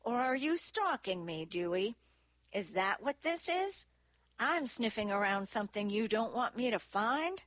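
A woman narrator voicing a sharp-tongued, defiant female detective who snaps back sarcastically. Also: a little high, big pitch swings, unhurried, no room sound. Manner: snappish, sarcastic.

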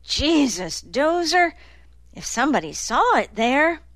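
A woman's voice: high-pitched, sing-song, takes it slowly, no echo, voice pushed up, heavily acted. A woman reading the lines of a tense young man on the run who snaps and sounds anxious. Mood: tense, snapping. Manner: sharp, snapping, anxious.

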